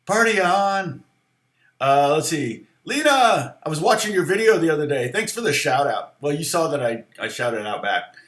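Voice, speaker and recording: A man's voice: on the high side, lively intonation, normal speed, hardly any pauses, fairly bright tone, roomy sound. Chatty middle-aged man teaching guitar. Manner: rambling, chatty, lots of fillers and restarts. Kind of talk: casual livestream guitar lesson.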